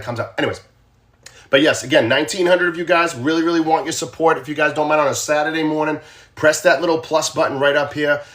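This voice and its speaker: A man with a Boston accent hosts a casual true crime livestream from his phone. His voice sits slightly high for a man. He chats directly with his viewers and repeats his questions to them. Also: fairly bright tone.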